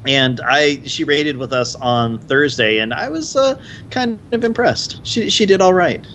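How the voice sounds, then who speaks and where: Higher-voiced guy chatting, lively tone, laid back, bit of hiss behind. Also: unhurried. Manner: relaxed, brief affirmations. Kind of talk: casual chat.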